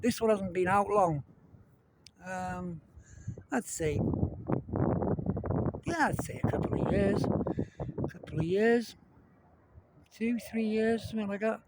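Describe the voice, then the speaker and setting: A man's voice: high-pitched, slow, long pauses. A man filming outside on his phone, chatting casually and rambling as he talks the viewer through what he sees. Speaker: vlogger. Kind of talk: casual outdoor commentary. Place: outdoors in the wind. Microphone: phone, cupped by hand. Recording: windy phone recording with helicopter noise. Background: wind and helicopter rotor noise.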